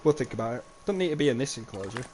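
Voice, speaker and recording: A young man giving live gameplay commentary as a streamer, chatty, with frequent swearing and sudden excited outbursts. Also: medium pitch, very fast, a little hiss or hum. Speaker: livestreamer.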